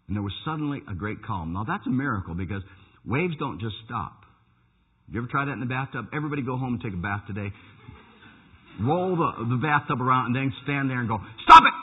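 A man preaching a sermon with animated storytelling, swinging from loud bursts to hushed asides. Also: mid-range voice, husky. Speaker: pastor. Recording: tinny phone-like line.

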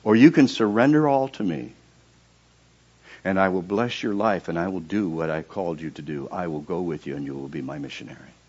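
A man voicing God in a sermon retelling, speaking in a lowered, quiet, measured way. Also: slightly rough, muffled recording. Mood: solemn. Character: God speaking, calm and commanding.

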